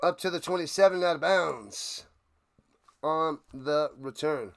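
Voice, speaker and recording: A man with a slightly higher voice hosts a live football watch-party stream. He calls the plays in a casual, excitable way and breaks into joking asides between snaps. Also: a little slow, creaky. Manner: chatty, jokey, excitable asides. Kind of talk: casual livestream play-by-play.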